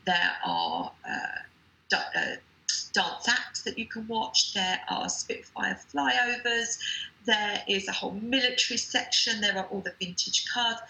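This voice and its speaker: A woman speaks with a bright, forward tone as an interview guest. She talks eagerly, piling up details. The room around her sounds echoey. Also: mid-range voice, a little slow, gravelly. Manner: enthusiastic, listing details. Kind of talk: casual interview chat.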